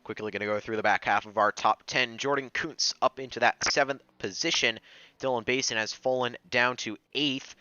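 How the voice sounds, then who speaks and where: A male sim racing commentator giving steady, analytical race calls. His voice is bright, crisp and resonant. It is recorded on a dry, slightly dull lo-fi mic. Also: mid-range voice, normal speed, no room sound.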